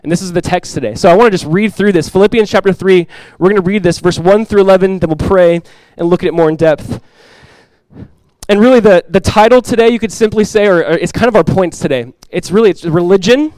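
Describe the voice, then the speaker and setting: A man in his thirties, a pastor preaching a sermon in an earnest, animated way. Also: sits high, a little fast, dry recording, poor audio.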